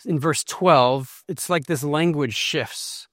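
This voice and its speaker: A man's voice: on the high side, slow, fairly bright tone, no room sound, studio quality. A man preaching an expository sermon, earnest and emphatic as he explains and reads scripture. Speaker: pastor.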